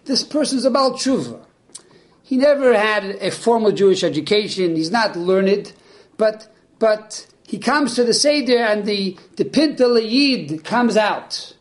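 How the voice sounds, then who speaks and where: A man with a high-pitched voice delivers a religious lesson. He tells stories with energy and slips into the voices of the people in them. His teaching is earnest and explanatory. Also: measured pace. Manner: animated storyteller who acts out the people in his stories. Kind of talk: spoken Torah lesson.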